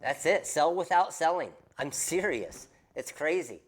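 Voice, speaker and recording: A man with a fairly high voice coaches his viewers on a casual livestream. He talks in an animated, emphatic way and hammers the same points again and again. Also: unhurried, breathy edge. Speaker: host of a craft business livestream.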